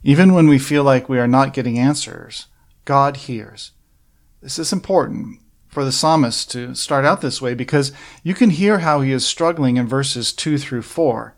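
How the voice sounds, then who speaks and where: Earnest male preacher expounding scripture. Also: medium pitch. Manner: earnest, measured Bible exposition with rhetorical questions. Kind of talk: sermon.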